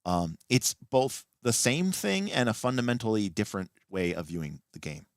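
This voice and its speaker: A man with a fairly low voice hosting a late-night livestream, animatedly explaining tabletop rules and often restarting mid-sentence. His pitch moves around a lot, and the sound is dry and close. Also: sing-song, normal speed, no room sound. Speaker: livestream host and game master.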